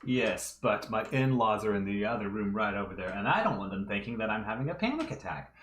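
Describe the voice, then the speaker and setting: Animated and brisk, a livestreaming fan artist with a lowish, fairly bright voice talks casually through his drawing step by step, thinking aloud. He's in a room at home, and the sound is roomy with slight background noise.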